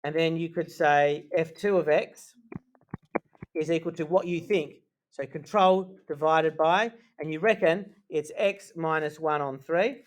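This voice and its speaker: A male maths teacher gives a live lesson to his class. His voice sits a little high, and he keeps things casual and joking. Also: measured pace.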